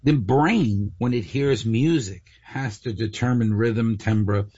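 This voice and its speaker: Hoarse, husky man explaining trivia. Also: lowish voice, slow, dark tone, no room sound. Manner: explanatory, jokey. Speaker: co-host. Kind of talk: casual trivia show banter. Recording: dull dry studio sound.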